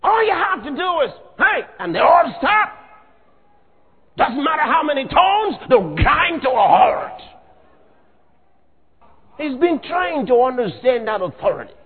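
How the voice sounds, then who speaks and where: A male preacher delivering an emphatic sermon, often shouting and acting out scenes, recorded with a tinny, phone-like sound. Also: extremely high pitch, very animated, unhurried, pauses often.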